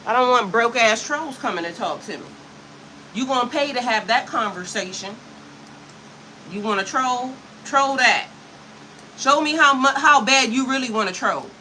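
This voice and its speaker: A woman's voice: on the high side, animated, normal speed, bright, forceful tone, slight background noise, rough recording. A woman in her fifties, livestreaming to her chat in a sassy, profane way, with frequent laughter, talking into a computer mic. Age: 50s. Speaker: spiritual coach livestreaming to chat.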